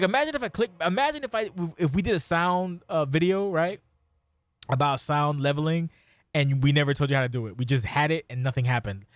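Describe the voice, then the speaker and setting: A man's voice: on the high side, no room sound. A man hosting a casual podcast, swearing a lot and ranting in mock outrage. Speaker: podcast host.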